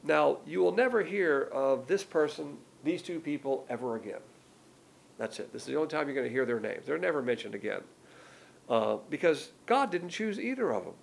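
A man's voice: a little high, animated, moderate pace, gravelly. A man preaching a verse-by-verse Bible teaching in a blunt, conversational way with emphatic asides.

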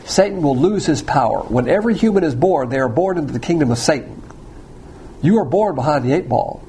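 A man preaching a sermon, blunt and provocative, swinging between loud emphasis and quiet asides. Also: a little high, lively intonation, brisk, a little hiss or hum.

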